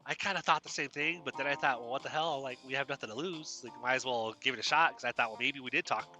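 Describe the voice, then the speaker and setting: A man voicing a young woman who keeps calming her scared friend, speaking soothingly and repeating herself. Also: mid-range voice, fast, faint music behind.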